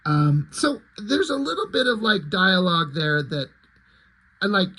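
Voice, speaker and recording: A man's voice: high-pitched, expressive, measured pace, pushed and bright. A man reviewing comics in casual, profane, self-deprecating commentary that rambles.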